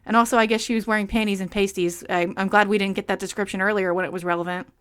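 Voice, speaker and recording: Young woman, book reviewer, reads aloud with sarcastic asides, medium pitch. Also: fairly even intonation, racing, a bit bright, clean tone. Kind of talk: reading aloud with commentary.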